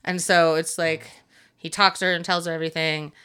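A woman with a bright voice, set fairly low, co-hosts a casual podcast about a movie. She chimes in with quick quips and easy agreement. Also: flat delivery, clear, resonant tone. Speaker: podcast co-host. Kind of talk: casual movie recap chat.

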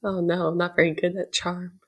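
A woman's voice: on the low side, flat delivery, a little fast. A woman playing a tabletop game who chats casually in a giggly, self-mocking way. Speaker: player.

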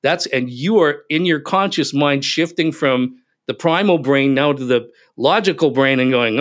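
An emphatic man guest in a relaxed podcast interview. His voice sits somewhat high for a man and he punches key words. He acts out the people in his stories as he talks. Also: normal speed. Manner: animated, emphatic, acts out quotes. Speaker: podcast guest, business speaker. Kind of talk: casual interview storytelling.

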